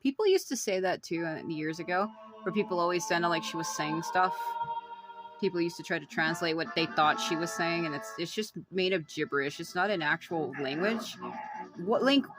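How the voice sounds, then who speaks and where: Woman, fairly low voice, casual gameplay commentary, chatty, swears a lot, game music playing clearly behind. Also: normal speed. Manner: chatty, swears freely, laughs easily. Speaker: let's play host.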